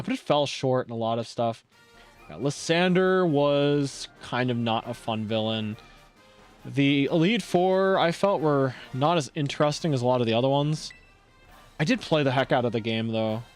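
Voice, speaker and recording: Chatty, lively young-sounding male streamer. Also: medium pitch, moderate pace, soft background music. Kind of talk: casual gameplay chat.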